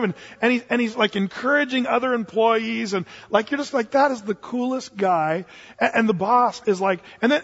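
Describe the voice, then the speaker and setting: High-pitched guy preaching, tells stories and does everyone's voices, muffled sound with a long echo tail. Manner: animated, acts out voices in his stories. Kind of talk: storytelling sermon.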